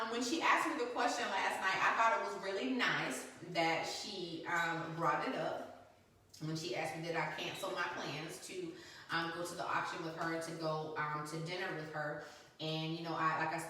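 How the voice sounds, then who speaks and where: A woman co-hosting a live talk stream, calmly and carefully explaining her side. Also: sits low, moderate pace, very echoey, distant mic, slight background noise. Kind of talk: casual chat.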